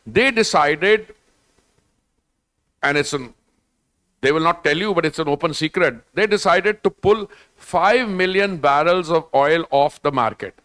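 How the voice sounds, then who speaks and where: The same kind of speaker, an older Indian English-accented man acting as a government minister at a festival panel, wanders from point to point and drops in Hindi phrases. Here his pitch is fairly high and his tone fairly bright, with no room sound.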